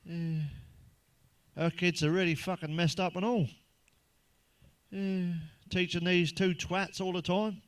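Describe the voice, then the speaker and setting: A man's voice: high voice, little pitch movement, takes it slowly, pauses often, clean tone. Crude swearing man. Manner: blunt, heavy swearing, does character voices in jokes. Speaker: stand-up comedian. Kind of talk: crude joke-telling monologue.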